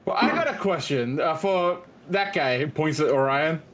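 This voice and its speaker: High-voiced goofy male player. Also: moderate pace, a bit bright, soft background music. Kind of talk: playing a tabletop game.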